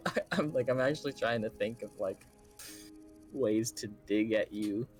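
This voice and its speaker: A man's voice: mid-range voice, measured pace, soft background music, rough recording. A man chatting casually over voice chat while playing a game with a friend, laid-back, chuckling often and restarting his sentences. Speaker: streamer's friend and co-player.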